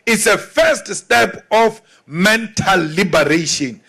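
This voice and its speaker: A political leader giving an emphatic, deliberate speech with mocking asides. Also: male voice, high-pitched, animated, vocal fry, bright, forceful tone, husky. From South Africa.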